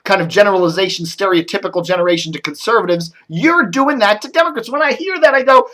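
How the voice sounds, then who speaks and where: A middle-aged man from the Washington DC area, talking casually to camera about the news, rambling with lots of fillers and getting animated when riled. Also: high voice, quick pace, hardly any pauses. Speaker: media commentary vlogger. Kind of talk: casual solo commentary.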